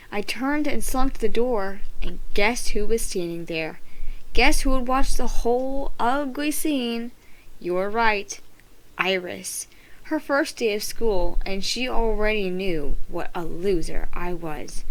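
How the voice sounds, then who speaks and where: A mother reading a children's chapter book aloud in an expressive, dramatic way. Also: medium pitch, slow pace, low-quality recording. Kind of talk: storybook read-aloud.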